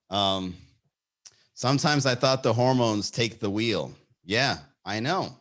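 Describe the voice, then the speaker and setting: A man's voice: medium pitch, animated, slow pace, a bit bright. A man hosting a comedy podcast, riffing casually in a rambling, profane way and reacting to live chat.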